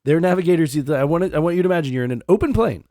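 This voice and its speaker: A man co-hosting a podcast, telling a history story in a casual, profane, animated way. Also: on the high side, racing, no room sound, studio quality. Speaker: podcast co-host.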